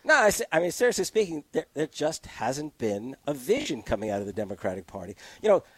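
A man's voice: fairly high pitch, slightly rough, no echo. A man arguing his case with energy in a casual political discussion, close to a studio mic. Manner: animated, argumentative, quick to laugh. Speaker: political commentator guest.

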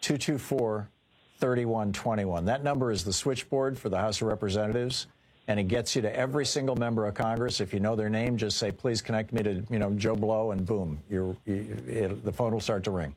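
A man's voice: lowish voice, a little fast, a little mellow, breathy edge. A man hosting a call-in radio talk show, chatting with callers and moving the show along. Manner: conversational, fillers, moves calls along.

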